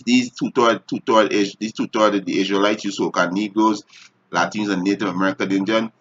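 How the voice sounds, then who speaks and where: A man delivers a stern sermon in a somewhat low voice. He reads verses slowly, then breaks off to scold his hearers in plain talk. He keeps checking in with a repeated "you understand?". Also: fairly bright tone, low-quality recording. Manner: harsh, scolding. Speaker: street preacher.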